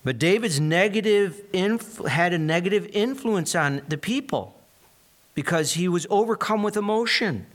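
Male pastor, slightly higher voice, earnest conversational preaching with scripture reading. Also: animated, normal speed. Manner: retells scripture with acted-out quotes, earnest and conversational. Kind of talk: sermon with Bible reading.

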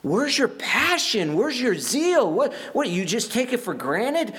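A man's voice: extremely high pitch, big pitch swings, a little slow, a bit bright, voice pushed up, exaggerated voice. A man voicing an ancient prophet who scolds a king, raising his voice in exasperated questions. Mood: indignant. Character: scolding ancient male prophet, fiery and demanding.

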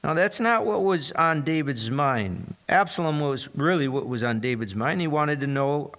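Male pastor, slightly higher voice, earnest conversational preaching with scripture reading. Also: animated, normal speed, a bit bright. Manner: retells scripture with acted-out quotes, earnest and conversational. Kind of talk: sermon with Bible reading.

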